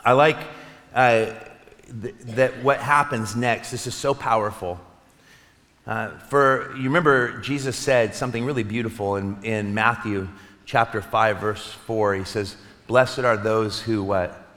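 Male pastor, mid-pitched, earnest sermon delivery, long hall reverb. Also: fairly even intonation. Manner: earnest, with soft slowed pauses. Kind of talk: Easter sermon. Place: church sanctuary.

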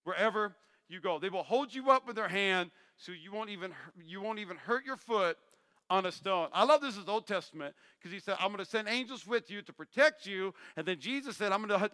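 Guy preaching in a big church hall, bright clear voice, acts out the bible characters, long echo. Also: sits high, fairly quick. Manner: animated, acts out voices of Bible figures, jokey asides. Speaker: pastor. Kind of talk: sermon.

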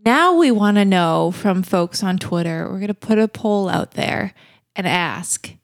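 A woman's voice: mid-range voice, expressive, unhurried. A woman co-hosting a podcast in easygoing casual chat. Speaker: podcast co-host.

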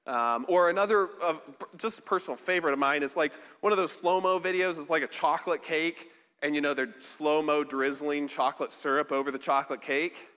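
A man preaches a relaxed, conversational sermon, his bright, lifted voice carrying a lingering reverb from the large hall. He talks in a rambling, self-deprecating way, stopping and restarting with plenty of ums and likes. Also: on the high side, brisk. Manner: chatty, self-deprecating, many fillers and restarts. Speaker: pastor. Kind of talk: casual sermon.

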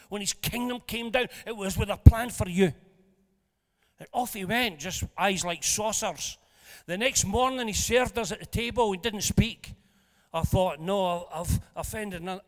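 A man preaches with a high, bright voice, telling stories with humour. He swings from loud, lively bursts down to quiet asides. His voice rings with the long echo of a church hall. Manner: animated, jokey storyteller who swings between loud and hushed. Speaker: pastor. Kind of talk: storytelling sermon.

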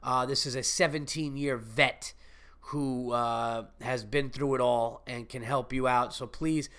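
Speaking at medium pitch and a little slowly, the man keeps a steady, fairly bright tone. He's a comedian nursing a cold while he rambles through his own solo podcast, chatty and full of profanity.

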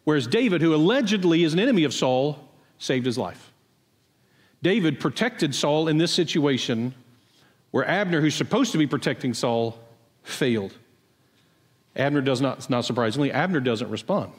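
A man's voice: on the high side, expressive, normal speed, long pauses, big-room sound. A man preaching a sermon, explaining a passage in a conversational way and asking his listeners pointed questions. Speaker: pastor. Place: church sanctuary.

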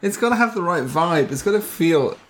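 A man co-hosting a chatty podcast, his voice rising and falling with animated intonation. He teases his co-host playfully and laughs often. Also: sits high, fairly quick, slight background noise. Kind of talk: casual chat.

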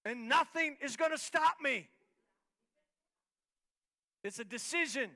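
A man pastor preaching a sermon in a church, moving from soft talk to shouted, rhythmic, repeated lines. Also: very high voice, lively intonation, slow. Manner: repetitive, rhythmic emphatic phrasing. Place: church hall, live-streamed service.

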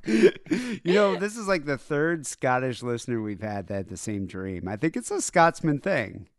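A man's voice: mid-range voice, sing-song, a little slow, long pauses, no echo, clean studio sound. A man co-hosting a podcast, crude and teasing in casual comedic banter. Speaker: podcast co-host.

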